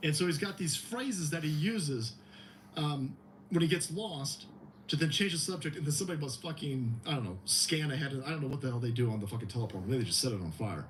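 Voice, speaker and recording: A man's voice: a little high, noisy background. A male host doing a mocking, profane comedic rant on a livestream. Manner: mocking, heavy swearing, animated.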